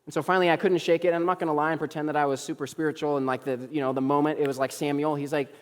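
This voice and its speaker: A man's voice: fairly high pitch, level tone, rapid-fire. Young male pastor preaching in a reverberant hall. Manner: storytelling, acts out quoted dialogue, humorous asides. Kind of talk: sermon. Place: church sanctuary.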